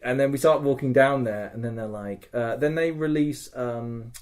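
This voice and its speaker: A man co-hosting a podcast, telling a story in a casual, excitable way, swearing often and acting out other people's lines. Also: medium pitch, moderate pace. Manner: swears a lot, animated retelling with quoted voices. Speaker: podcast co-host.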